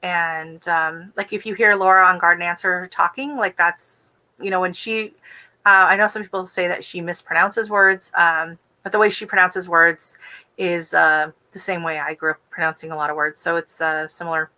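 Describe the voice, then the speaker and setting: A woman from the West Coast of the United States hosting a casual gardening livestream, talking quickly and chattily with easy giggles. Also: fairly low pitch, fairly even intonation, sharp tone, rough recording. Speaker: gardening channel host.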